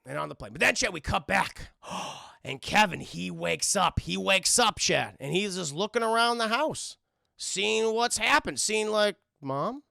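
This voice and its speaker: Gravelly animated man recapping a film. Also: high-pitched, a little slow, no echo, studio quality. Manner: animated, acts out scenes in shouted voices, swears a lot. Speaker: film reviewer streaming to chat. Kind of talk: profane casual recap to live chat.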